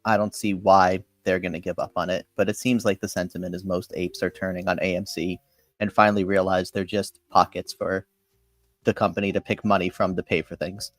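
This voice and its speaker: Pria bicara cepat, suara agak rendah. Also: male voice, low-pitched, flat delivery, dry recording. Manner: fast, confident, chatty explanations. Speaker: participant. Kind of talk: casual live chat.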